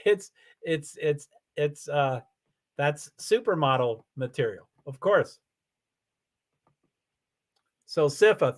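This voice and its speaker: Animated high-voiced man rambling on a livestream. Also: slow, long pauses. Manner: rambling, animated, many restarts. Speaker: livestream host. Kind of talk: casual livestream chat, reading viewer comments.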